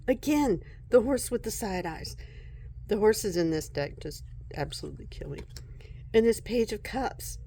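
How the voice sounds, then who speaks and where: A woman vlogging casually at home about her tarot decks, soft-spoken and unhurried, often breaking into giggles. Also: fairly high pitch, animated, slightly rough. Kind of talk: casual show-and-tell vlog.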